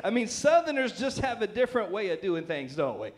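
A man's voice: sits high, very animated, brisk. A man with a Southern American accent preaching a sermon as a pastor, folksy and joking, checking in with the congregation often. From Southern United States. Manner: folksy, joking, lots of "right?" and laughter.

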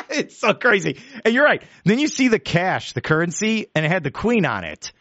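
A man's voice: sits high, moderate pace, no room sound, dull audio. A man hosting a radio show, telling travel stories in casual chat and laughing often. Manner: animated storyteller, laughs often.

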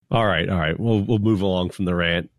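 Male podcast host, low voice, dry close recording, relaxed and amused. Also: dry recording. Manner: laid-back, amused, laughs often. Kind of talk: casual chat and news reading.

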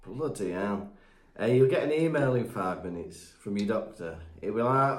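A man co-hosting a podcast in casual chat, jokey and quick to laugh, making up mock quotes. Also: on the low side, expressive. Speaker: podcast co-host. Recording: roomy echo.

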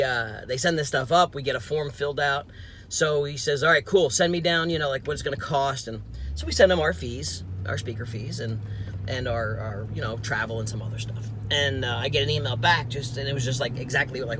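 A man's voice: mid-range voice, a little hiss or hum. A podcast host and sales coach from New Jersey, a man telling a story in casual talk, acting out the other person's lines and laughing as he goes. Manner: animated, acts out quoted voices with laughs.

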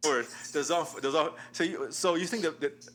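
A man's voice: on the high side, normal speed, a bit bright. A man hosting a casual podcast chat, leading a game and laughing often. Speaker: podcast host.

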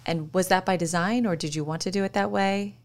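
A woman hosting an interview, asking gently and affirming her guest. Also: fairly low pitch, steady tone, fairly quick. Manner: supportive, affirming, asks gently. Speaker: interview host. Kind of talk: conversational interview.

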